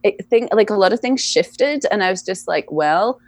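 A woman's voice: mid-range voice, expressive, normal speed, dry recording. A young woman talking casually as an interview guest, chatty and laughing often, with many fillers. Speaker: guest, EFT practitioner.

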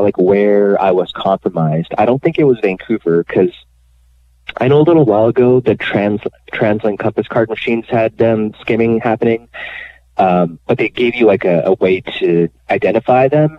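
A man being interviewed on the radio, telling his own story in a candid, animated way with many fillers. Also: lowish voice, no echo. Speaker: guest telling his bank fraud story. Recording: dry phone line.

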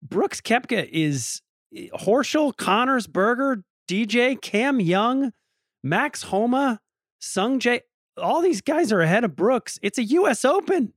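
A man co-hosts a casual podcast, dropping in quick betting odds. His voice is high and swings lively up and down. The sound is dry and close to the mic. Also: no echo. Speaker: podcast co-host.

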